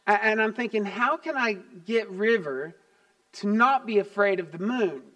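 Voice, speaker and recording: A man in his fifties, a grandfather and pastor, preaching a sermon with personal stories, swinging from loud emphasis to quiet asides. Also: high-pitched, normal speed.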